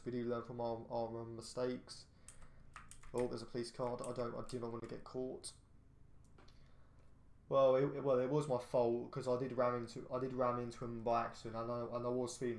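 A man's voice: medium pitch, a little mellow. A teenage boy rambling through casual gameplay commentary, repeating himself and grumbling at other drivers. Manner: rambling, repeats himself, quick outbursts at traffic. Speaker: gaming channel host. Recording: roomy echo, faint background noise.

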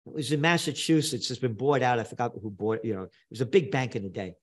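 An older New Yorker appears as a guest in an interview, telling stories in an animated way. His mid-range voice is expressive and fast. He's blunt and emphatic, repeating phrases for effect.

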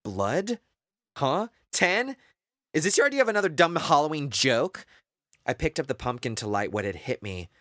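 A man narrating a first-person horror audiobook in an expressive, dramatic way. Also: on the high side, normal speed, no room sound, studio quality.

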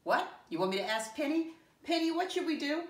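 A woman teacher giving a lesson to young children, encouraging and slow, spelling words letter by letter and asking many questions. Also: high voice, very animated. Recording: echoey room from far off.

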